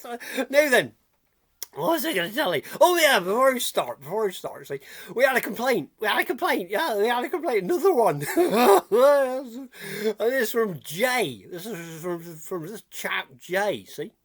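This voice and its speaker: A man's voice: very high voice, sing-song, moderate pace, a bit bright, husky, heavily acted. A man playing a chatty, giggly old countryman with rheumatism, rambling folksy gossip and repeating himself in a comic character video. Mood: gossipy.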